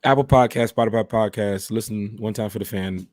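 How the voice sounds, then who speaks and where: A man's voice: fairly low pitch, steady tone, a little fast, hardly any pauses, darkish tone, dry recording, clean studio sound. Boisterous, profane man hosting a podcast. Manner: boisterous, profane, telling dad jokes. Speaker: podcast host. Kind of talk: casual podcast chat.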